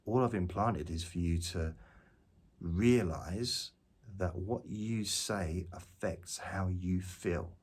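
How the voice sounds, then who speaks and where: A man's voice: low-pitched, takes it slowly, darkish tone, breathy edge. A man rambling to camera outdoors, jokey and self-mocking as he drifts between points. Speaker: vlogger. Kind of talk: rambling spoken monologue to camera. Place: outdoors, walking around.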